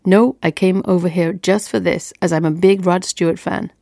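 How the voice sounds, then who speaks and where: A woman's voice: fairly low pitch, steady tone, moderate pace, vocal fry, mellow, dry recording, clean studio sound. A woman putting on the voice of a friendly, eager American woman from Chicago, with an American accent she puts on. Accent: American, put on.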